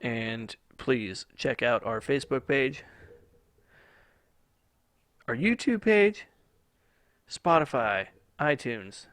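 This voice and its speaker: A man's voice: medium pitch, animated, takes it slowly, pauses often, fairly bright tone, dry recording, studio quality. Laid-back rambling male podcast host. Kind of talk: casual solo podcast talk. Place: studio.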